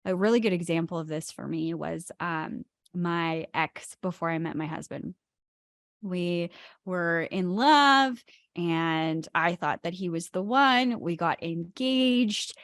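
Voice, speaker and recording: Woman cohost leaning hard on words, lowish voice, dry close sound. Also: slow pace, fairly bright tone, no echo. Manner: emphatic, stresses key words. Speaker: podcast co-host. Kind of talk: spiritual talk chat.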